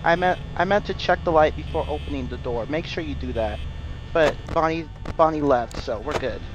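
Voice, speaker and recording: A hoarse man with laryngitis playing a horror game and commenting as he goes, jumpy, shrieking and swearing when startled. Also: a little high, normal speed, over music, rough recording. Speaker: gamer streaming a horror game. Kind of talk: let's play commentary.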